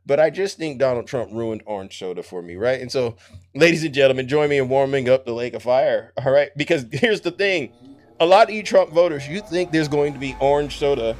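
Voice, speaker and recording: Excitable man streaming political commentary. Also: medium pitch, brisk. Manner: excitable, laughs often, addresses the audience directly. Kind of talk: animated live-stream commentary.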